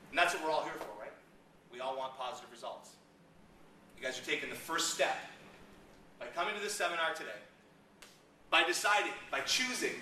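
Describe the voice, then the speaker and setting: Bright-voiced man giving a motivational seminar. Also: high voice, slight background noise. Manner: animated, acts out little scenes in raised voices. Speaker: seminar speaker. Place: seminar room. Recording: echoey room, mic from a distance.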